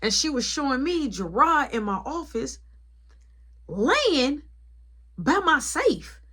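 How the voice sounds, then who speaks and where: A young woman store manager telling a story in an animated, colloquial way. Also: high voice, slow pace. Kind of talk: casual storytime vlog.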